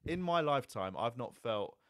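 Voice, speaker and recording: Relaxed English man hosting, dry sound. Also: mid-range voice, normal speed, no room sound. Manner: relaxed, agreeable, frequent "yeah, yeah". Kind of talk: casual chat.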